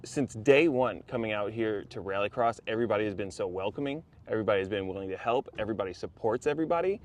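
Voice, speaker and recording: A man's voice: on the low side, fast talker. A man co-hosting a casual podcast chat outdoors at a race track, talking earnestly and often saying "you know". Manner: earnest, repeats phrases, frequent "you know". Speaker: podcast co-host. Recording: faint outdoor noise at trackside.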